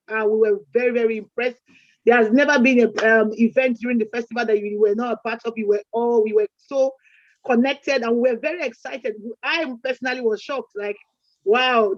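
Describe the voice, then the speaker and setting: Chatty woman co-hosting, slightly high voice. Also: no room sound. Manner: chatty, shares proverbs, frequent restarts. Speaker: event co-host. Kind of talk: closing remarks at a community event. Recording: dull lo-fi sound.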